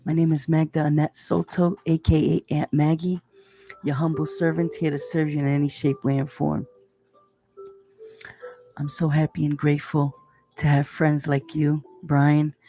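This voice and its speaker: A woman hosting a motivational podcast from home, talking quietly so her sleeping children stay asleep, and greeting her listeners warmly by name. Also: sits low, flat delivery, normal speed, faint music behind. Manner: speaks softly, hushed, to avoid waking children. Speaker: podcast host. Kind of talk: casual motivational talk.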